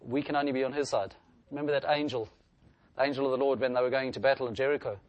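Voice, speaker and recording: A man's voice: medium pitch, steady tone, rapid-fire, no echo, lo-fi sound. A man preaching a sermon in an earnest style, lifting his voice when he reads scripture aloud.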